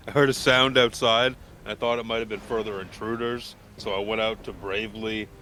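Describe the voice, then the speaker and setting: A man with a lowish voice taking part in a tabletop game, bantering in character. He is wry and playful, tossing off dry jokes and quick questions. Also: steady tone, sharp tone, slight background noise. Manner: joking, wry, quick with asides. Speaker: player. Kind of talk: in-character role-play banter.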